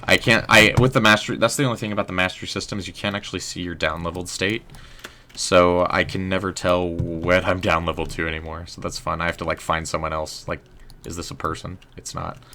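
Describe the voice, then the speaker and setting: Gravel-voiced young man streaming a game. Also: low-pitched, little pitch movement, fast, sharp tone, slight background noise. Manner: self-deprecating, joking, chatty with viewers. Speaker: livestreamer and writer. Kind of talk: casual gameplay commentary.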